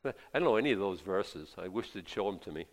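A middle-aged male pastor preaching a sermon in a chatty way, dropping to quiet asides and rising to loud emphatic bursts. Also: deep voice, animated, fast. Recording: long hall reverb.

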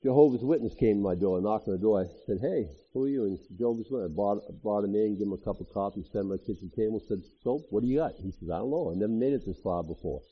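Male pastor, sermon read, husky voice, animated asides, muffled lo-fi recording. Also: on the low side, fast, few pauses. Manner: conversational, animated preaching with asides. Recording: dull lo-fi audio.

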